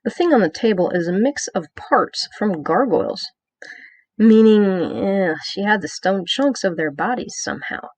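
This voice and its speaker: A woman's voice: mid-range voice, animated, normal speed, a little mellow, no room sound. A woman reading aloud her own episode review, summing up the plot with dry, joking asides and small hesitations. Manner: wry, joking asides between plot summary; reads from a script with small hesitations. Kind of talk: read-aloud review with commentary.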